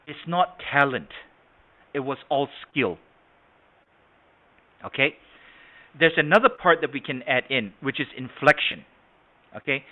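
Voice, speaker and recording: Man teaching sales over a tinny call. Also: a little high. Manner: demonstrative, keeps checking understanding with the audience. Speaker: sales trainer. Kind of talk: online training lecture. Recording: tinny phone-like online call audio.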